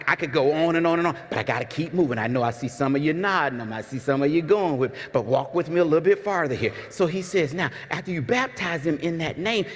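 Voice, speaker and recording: A man's voice: fairly high pitch, a bit bright, big-room sound. A man preaching a sermon to his congregation in a conversational way, often repeating words and asking the room questions. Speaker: pastor. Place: church sanctuary.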